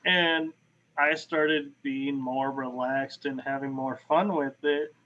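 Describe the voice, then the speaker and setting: A man guest on a podcast, telling paranormal investigation stories in casual chat over a video call, animated. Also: mid-range voice, slow, a little hiss or hum. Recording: dull lo-fi call audio.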